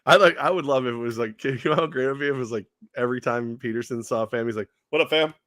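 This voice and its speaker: An animated man co-hosting a sports talk show, laughing easily and circling back over his words as he argues a point. His voice sits at an ordinary middle pitch. The sound is dry and close, with no room around it. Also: very fast, no echo. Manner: animated, laughing, repeats himself. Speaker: sports radio co-host.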